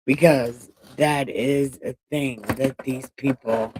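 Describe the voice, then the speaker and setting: Brief: a woman reading scripture at a slow pace with irreverent, swearing commentary. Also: extremely low pitch, a little mellow, slightly rough. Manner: irreverent, profane asides. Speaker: Bible reading vlogger. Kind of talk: casual Bible reading with commentary.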